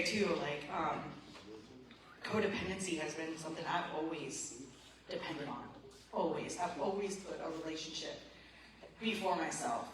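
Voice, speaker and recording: A woman sharing her recovery story at a support meeting, emotional and rambling with lots of "like" and "man". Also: low-pitched. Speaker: recovery group member. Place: meeting room. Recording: very echoey room, voice far from the mic, background noise.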